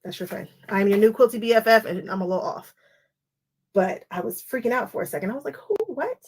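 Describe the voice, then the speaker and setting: Talking fast in a medium-pitched, darkish voice, she hosts her live paper-piecing stream, wandering off on tangents and addressing viewers by name in casual crafting chat.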